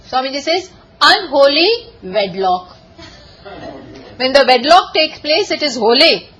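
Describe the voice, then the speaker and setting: A woman giving a lively scripture lecture, telling stories and often laughing. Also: high voice, unhurried, slight background noise, poor audio. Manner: animated storytelling, often laughing. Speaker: spiritual teacher.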